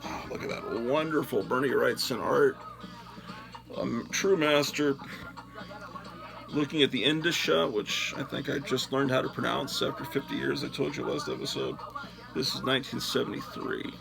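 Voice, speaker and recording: A man's voice: medium pitch, moderate pace, low-quality recording. An older man hosting a casual solo chat, rambling and self-deprecating as he sorts through things, recorded on a phone. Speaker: host. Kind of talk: casual solo chat while sorting comics. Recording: music clearly playing behind. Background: music.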